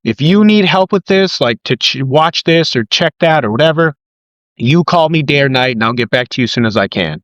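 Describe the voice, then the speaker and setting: Excitable man, dull dry sound. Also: brisk, no echo. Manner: excitable storyteller, quoting people with big jumps in pitch. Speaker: podcast host and ring announcer. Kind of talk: casual podcast conversation.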